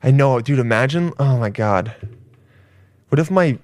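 A man's voice: mid-range voice, expressive, measured pace, a crowd in the background. A man hosting a podcast in casual chat, rambling loosely and swearing freely. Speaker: podcast host.

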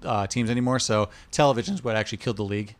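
A man's voice: on the low side, very fast. A man co-hosting a podcast who chats casually and shares movie trivia and background facts. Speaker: podcast co-host.

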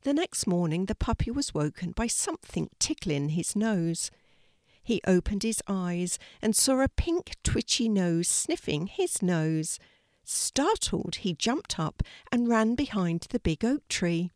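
An older woman narrates a children's story. Her reading is gentle, slow and soothing, her pitch in the middle range. The recording is dry and close. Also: lively intonation, no echo.

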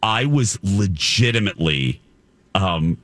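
A man co-hosting a casual podcast, telling a story with animated retellings and frequent laughter. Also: deep voice, slow, no room sound. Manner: animated, laughs often, mimics voices. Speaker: podcast co-host.

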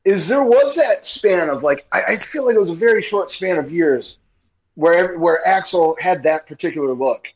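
Male co-host, casual rambling chat, somewhat high pitch, muffled lo-fi sound. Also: animated, moderate pace, a little hiss or hum. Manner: rambling, many fillers like "like". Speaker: podcast co-host.

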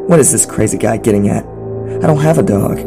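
A man narrates a first-person horror tale in a low, gravelly voice. His telling is measured, with occasional stumbles, and music plays underneath. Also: lively intonation.

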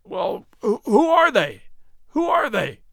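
A man's voice: high voice, lively intonation, unhurried, no room sound, clean studio sound. A man doing a stern, earnest forest landowner. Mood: urgent. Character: stern male landowner trapped in a forest, gruff.

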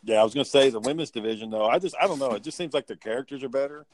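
A man's voice: medium pitch, rapid-fire, dry recording. Laid-back, cursing casual man. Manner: laid-back, swears freely, trails off into fillers. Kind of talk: casual chat.

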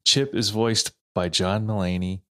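A man co-hosts a podcast in relaxed, casual chat, hedging a bit as he starts his points and laughing often. His voice sits low, and the sound is dry and close, with no room around it. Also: measured pace, dry recording. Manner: laid-back, hesitant, laughs often. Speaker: podcast co-host.

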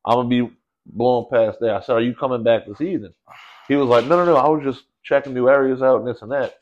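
A man telling a story in casual podcast chat, animated and slangy, calling people bro and dude. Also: mid-range voice, fast talker, highs cut off, a little hiss or hum.

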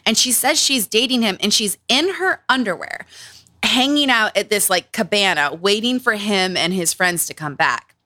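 Bright-voiced woman podcast host. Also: mid-range voice, expressive, normal speed, no room sound. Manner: chatty storyteller, heavy use of "like". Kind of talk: casual book chat.

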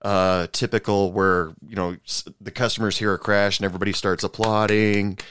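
A man's voice: fairly low pitch, flat delivery, moderate pace, a bit bright, clean tone, no room sound, studio quality. A man co-hosting a podcast, telling stories in casual chat with many fillers and restarts. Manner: rambling, many fillers and restarts, laughs often. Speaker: podcast co-host, former server.

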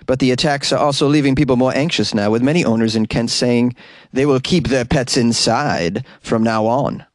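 A man hosts a comic weird-news podcast, drifting between reading stories and loose, joking chatter. He is recorded in a small closet, so the sound is close and completely dry with no room echo. His voice sits in an ordinary middle register. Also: mid-range voice. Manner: jokey, rambling, puts on silly voices for quotes. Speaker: podcast host and comedian.

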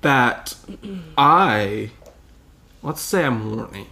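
A woman's voice: very deep voice, animated, drawn-out words, creaky, pushed and bright. A woman co-hosting a podcast, chatting casually and teasing her co-host with wry remarks. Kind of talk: casual chat.

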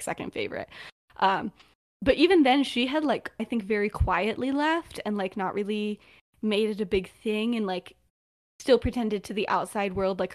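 A young woman co-hosting a podcast, retelling a story in casual chat, rambling with lots of fillers and acting out the quotes. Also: medium pitch. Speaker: podcast co-host.

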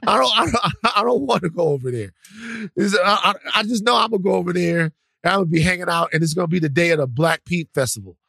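A gravelly man from Louisiana co-hosts a podcast, his voice sitting a bit high. He talks in a loose, joking manner and trips over his own restarts. The sound is close and dry. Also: fast, dry recording. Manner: animated, joking, trailing restarts. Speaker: podcast co-host. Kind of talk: casual chat.

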